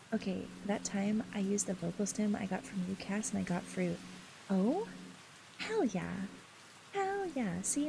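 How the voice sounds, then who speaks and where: Giggly woman streamer, rain behind. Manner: giggly and playful, laughs often; squeals up high when flustered. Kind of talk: casual chat with a live stream audience. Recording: steady rain noise in the background.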